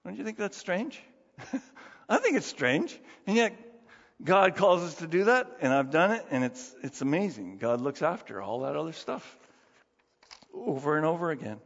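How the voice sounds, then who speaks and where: A middle-aged man preaching a sermon in an animated, conversational way, full of rhetorical questions. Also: fairly high pitch, moderate pace, vocal fry. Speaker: pastor. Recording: dull, reverberant hall sound.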